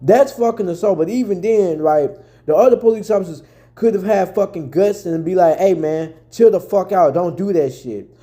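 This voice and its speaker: Angry commentator, a man with a high but very dark voice and constant swearing. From Memphis, Tennessee. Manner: angry, profane, repetitive. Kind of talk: ranting commentary.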